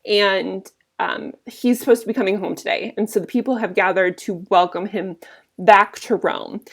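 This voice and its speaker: Brief: woman teacher, relaxed classroom explainer, mid pitch. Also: moderate pace, creaky. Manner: casual, explanatory, many fillers. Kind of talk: recorded lesson explaining a play.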